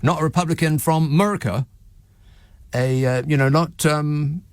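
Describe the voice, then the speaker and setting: A man's voice: fairly high pitch, a little slow, clean tone, no echo. A man hosting a talk radio phone-in, sardonic and mocking, chuckling at his own jokes. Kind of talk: late-night talk radio monologue.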